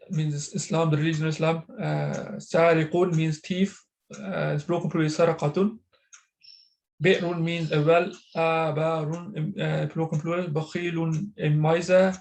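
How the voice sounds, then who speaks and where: A man with a slightly raised pitch explains grammar in an online class. He speaks haltingly, often pausing on fillers and restarting words. The sound is that of a video call. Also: creaky, darkish tone, rough recording. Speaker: Arabic teacher.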